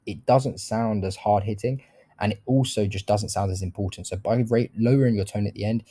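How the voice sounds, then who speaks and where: A man's voice: lowish voice, mellow. A man giving a casual sales lesson, explaining bluntly, swearing now and then, and demonstrating how to shift his tone. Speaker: sales trainer. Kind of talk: casual instructional talk.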